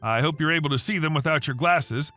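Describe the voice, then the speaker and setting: A composed female shop assistant manager, polite on the surface and quietly ironic as a man reads her. Her voice is bright and fairly high, with an animated pitch. Faint music plays underneath. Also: fairly quick.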